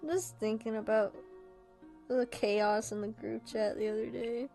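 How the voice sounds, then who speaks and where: A woman's voice: on the high side, flat delivery, unhurried, creaky, dark tone, soft background music. A young woman streaming and chatting casually, rambling from thought to thought, laughing often and swearing freely.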